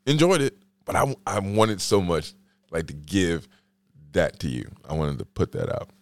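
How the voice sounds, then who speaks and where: A man's voice: low-pitched, big pitch swings, normal speed. A man hosting a solo podcast, telling a story in a rambling, slangy, joking way. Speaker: podcast host.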